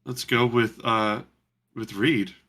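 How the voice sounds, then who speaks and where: Game master guy, bright voice, jokey and loose, lots of ums. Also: mid-range voice, takes it slowly. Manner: relaxed, joking, with many ums. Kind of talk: casual game narration and chat.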